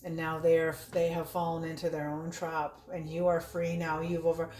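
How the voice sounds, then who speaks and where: A woman's voice: low-pitched, monotone, moderate pace, a little mellow. A woman giving a casual spoken tarot reading, blunt and laughing often, swearing freely. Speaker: tarot reader. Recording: roomy echo.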